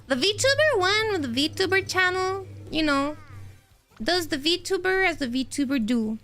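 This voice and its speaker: A woman streamer chatting casually while she plays a game, rambling and excitable, answering her chat as she goes. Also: very high voice, measured pace, soft background music.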